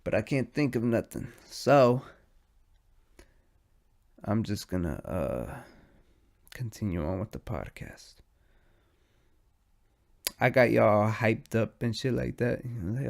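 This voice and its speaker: A young man hosting a podcast alone, high and sleepy, rambling in casual, profane slang. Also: lively intonation, slow, gravelly, long pauses. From United States. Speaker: podcast host. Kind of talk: casual stoned monologue.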